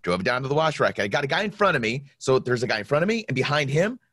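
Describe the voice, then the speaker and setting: Guy in his 40s hosting a podcast, super lively pitch, dry close mic, jumps into high voices for quotes. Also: racing, no room sound. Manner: animated storyteller, acts out quotes in high voices. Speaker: podcast host. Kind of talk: casual conversational podcast.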